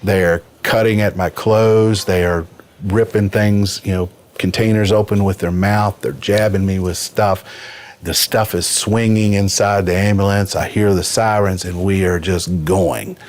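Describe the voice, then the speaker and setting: Unhurried and steady, a man in his fifties recounts a personal story with earnest vividness as a podcast guest in a casual interview, his voice sitting low.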